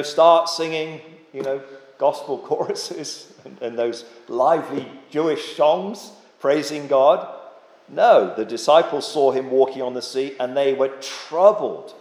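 A man's voice: a little high, measured pace, a little mellow. A man preaching a sermon, earnest and dramatic, with rhetorical questions and frequent restarts. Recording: echoey hall with long reverb.

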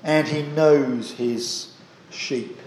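A man's voice: a little high, fairly even intonation, very slow, darkish tone, echoey room, a little hiss or hum, poor audio. A man preaching a sermon, earnest and emphatic, asking the congregation rhetorical questions and repeating key phrases. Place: church.

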